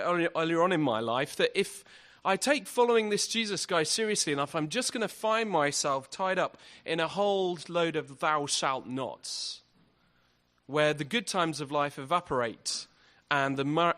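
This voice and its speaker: A man's voice: a little high, expressive, measured pace, pushed and bright. A man giving an evangelistic talk at a university event, earnest and full of rhetorical questions. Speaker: guest speaker.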